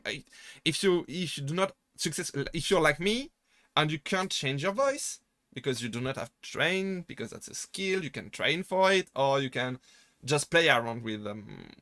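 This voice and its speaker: A man's voice: a little high, normal speed, bright, forceful tone, no echo. A male VTuber streamer giving earnest, casual advice in a livestream Q&A, with broken grammar and frequent restarts.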